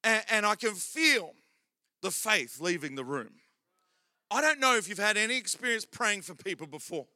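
A man preaching a sermon as pastor, telling a story with humorous asides and building to loud calls to the church. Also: high-pitched, animated, moderate pace, no echo, studio quality.

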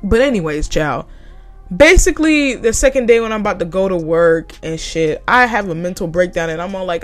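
A woman's voice: fairly low pitch, a little fast, soft background music. Blunt, profane young woman telling a story. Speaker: vlogger telling a work story. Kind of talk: casual storytime monologue.

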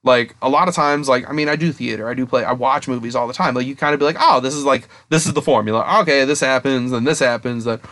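A young man co-hosting a casual podcast, rambling excitedly and swearing constantly as he retells a story. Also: mid-range voice, fast, few pauses. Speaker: podcast co-host. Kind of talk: casual chat.

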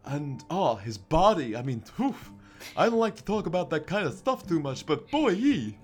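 A man's voice: on the high side, sing-song, normal speed, faint music behind, voice pushed up. A man voicing a shy, lovesick young man who gushes bashfully about his crush in a tabletop game. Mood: smitten. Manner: bashful, gushing.

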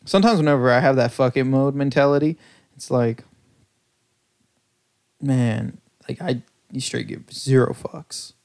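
A man's voice: mid-range voice, measured pace, creaky, long pauses, darkish tone. A young man hosting his own podcast, rambling loosely and mocking himself, sounding tired and lethargic. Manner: rambling, self-mocking, loose storytelling with lots of fillers. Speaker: podcast host. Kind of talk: casual solo podcast rambling.

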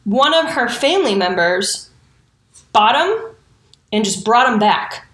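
A woman's voice: on the high side, very animated, takes it slowly, fairly bright tone, roomy sound. A woman telling a history story in a casual, profane way, with indignant and sarcastic asides. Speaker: true crime storyteller.

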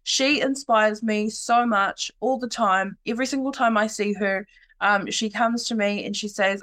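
A young woman hosts a relaxed podcast chat. She sounds bubbly and playful, teases her guest, and laughs easily. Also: medium pitch, unhurried. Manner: bubbly, teasing, laughs often. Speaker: podcast host. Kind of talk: casual interview chat.

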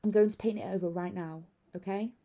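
A woman voicing a calm, reassuring young husband. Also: medium pitch, brisk, dull audio, natural voice. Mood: gentle. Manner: reassuring, easygoing. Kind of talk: storytelling narration.

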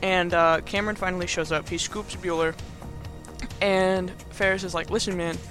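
A man's voice: high-pitched, flat delivery, normal speed, fairly bright tone, faint music behind. A man hosting a podcast, casually recapping a movie in a rambling, chatty way with frequent laughs. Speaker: podcast host. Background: movie soundtrack playing faintly.

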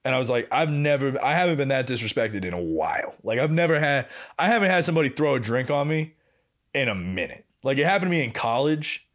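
A young man, a podcast co-host, telling a workplace story in casual chat, swearing and acting out what people said. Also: fast talker. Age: young adult. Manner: animated, swearing, acting out quoted lines with big pitch jumps.

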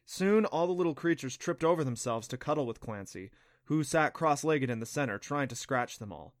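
A man narrating a children's adventure audiobook in a steady, clear storytelling voice. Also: a little high, moderate pace, no room sound, clean studio sound. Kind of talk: scripted narration.

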